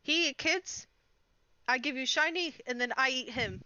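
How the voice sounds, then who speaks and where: A woman's voice: sits high, unhurried, pushed and bright, dry recording, highs cut off, heavily acted. A woman voicing her tabletop adventurer, who talks in clipped, broken phrases. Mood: coaxing. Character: adventurer character Quinn, speaking broken pidgin.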